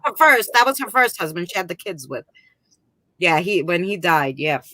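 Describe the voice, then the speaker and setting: A woman's voice: fairly low pitch, sing-song, normal speed, pushed and bright, no room sound. A woman in casual chat, telling rambling stories with lots of fillers. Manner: rambling, chatty storyteller with many fillers.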